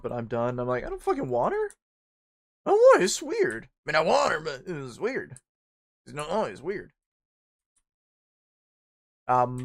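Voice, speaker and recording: Gravelly-voiced, the young man tells a rambling personal story while streaming a game. He swears a lot in this casual chat and lets out squeaky high bursts when acting out panic.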